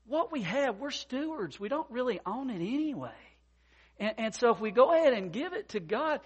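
A man preaching a sermon as pastor, folksy and expressive, with many fillers, swinging from soft to loud and acting out worried voices. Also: extremely high pitch, moderate pace, husky, lo-fi sound. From mountain region.

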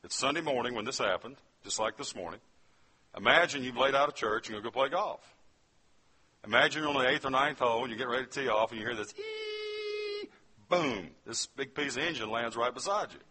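A man's voice: mid-range voice, quick pace, sharp tone, breathy edge. A man from West Virginia telling a testimony as a sermon, speaking straight to his listeners as he tells his story. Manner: storytelling, addresses the audience directly.

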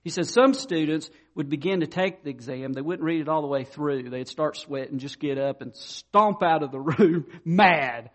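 A man's voice: fairly high pitch, moderate pace, hardly any pauses. A man preaching a sermon, conversational and direct, telling stories to make his point and speaking straight to the congregation. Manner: conversational storytelling preacher, addresses listeners directly. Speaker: pastor.

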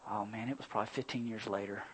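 A middle-aged man preaching a sermon and telling personal stories, swinging from loud, animated bursts to quiet, earnest passages. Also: fairly low pitch, fast, husky, poor audio. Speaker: pastor.

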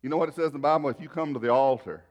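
A man preaching a sermon, telling a folksy personal story and shifting between loud and soft. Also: medium pitch, racing, lo-fi sound. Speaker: pastor.

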